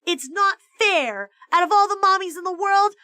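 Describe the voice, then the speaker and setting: A woman's voice: extremely high pitch, normal speed, sharp tone, no echo, clean studio sound, pitched above the performer's own voice. A woman voicing a sinister male teacher who mocks his pupils in stolen voices. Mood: mocking. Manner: mocking, sneering.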